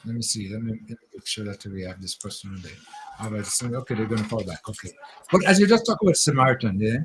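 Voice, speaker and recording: A man's voice: lowish voice, lively intonation, fast talker, noisy background. A man hosting a radio talk show, casually taking callers and reading out listener questions. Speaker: radio host.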